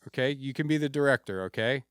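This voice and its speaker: A man hosting a comedy podcast, chatting in a deadpan, mock-serious way with his guest. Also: mid-range voice, quick pace, smooth, dry recording, clean studio sound. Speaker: podcast host. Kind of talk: casual comedic podcast chat.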